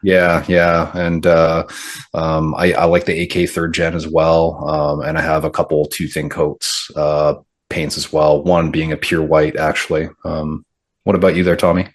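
A man hosting a casual podcast chat, relaxed and candid, passing the turn to others. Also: very deep voice, a little slow. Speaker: podcast host.

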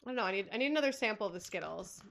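A woman's voice: mid-range voice, animated, rapid-fire, vocal fry, a bit bright. A woman hosting a casual podcast, bubbly and giggly, rambling as she talks. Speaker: podcast host. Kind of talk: casual chat.

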